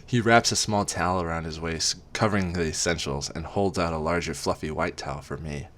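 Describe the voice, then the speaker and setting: A man's voice: sits low, brisk, a bit bright. A man doing a comic reading of a romance parody, breaking off for mocking asides. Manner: mocking asides between read passages. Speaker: reader.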